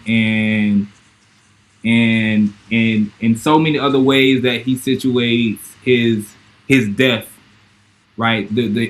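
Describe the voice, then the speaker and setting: Man, mid pitch, thoughtful, halting speech, casual chat. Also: a bit bright, rough recording. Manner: halting, thoughtful, many restarts. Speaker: podcast host.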